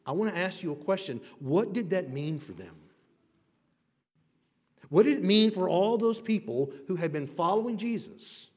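A male pastor preaching a sermon with emphatic, rising and falling delivery, swinging between loud declarations and hushed lines. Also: high-pitched, expressive, normal speed, breathy edge. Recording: long reverb of a large hall.

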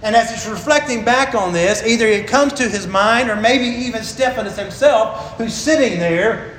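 A man preaching a sermon as a pastor, earnest and emphatic, slowing down to stress key phrases. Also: high voice, fairly bright tone, reverberant, a little hiss or hum, rough recording.

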